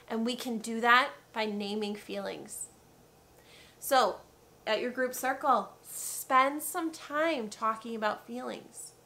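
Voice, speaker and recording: A young woman, a preschool teacher giving warm, encouraging advice straight to the viewer in a casual teaching vlog. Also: on the high side. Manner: acts out soft calm teacher phrases.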